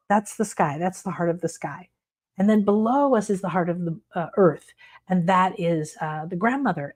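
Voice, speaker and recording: A woman's voice: medium pitch, a little mellow. Earnest middle-aged woman teaching spirituality. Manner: earnest, meandering and heartfelt. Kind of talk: unscripted spiritual talk to viewers.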